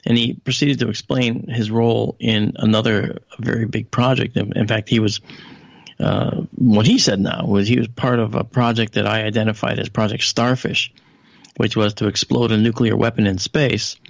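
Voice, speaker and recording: A man's voice: normal speed, creaky, no echo. A man being interviewed as a guest analyst on a radio show, telling a long anecdote conversationally, full of asides and fillers. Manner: animated storyteller, raises his pitch to quote others.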